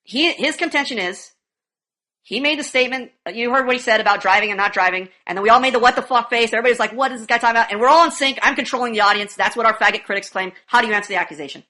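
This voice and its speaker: A woman's voice: fairly high pitch, rapid-fire, sharp tone. A woman hosting a heated online debate, brash, profane and mocking. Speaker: debate show host. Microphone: video call.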